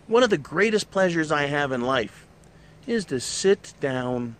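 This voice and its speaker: A man's voice: fairly high pitch, very animated, a little slow, fairly bright tone, a little hiss or hum. A middle-aged man hosting his own show, delivering a blunt, profanity-laced monologue in a ranting manner. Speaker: show host. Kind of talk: opinionated monologue.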